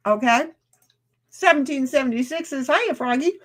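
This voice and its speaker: Woman streamer, high-pitched, casual, rambling, reads chat aloud, talks with mouth full. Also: measured pace. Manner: talks while eating.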